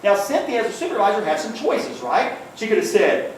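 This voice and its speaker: Man, fairly high voice, training lecture, frequent "okay?" check-ins, distant mic, very echoey room. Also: very animated, brisk. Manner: storytelling with acted quotes. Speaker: workplace safety trainer, former police liaison officer. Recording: echoey room, far from the mic, faint noise.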